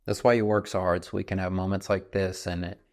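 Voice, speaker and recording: Deep-voiced man in his thirties. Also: level tone, quick pace, a little mellow. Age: 30s. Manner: earnest, reflective storytelling. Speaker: podcast host. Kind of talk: casual conversation.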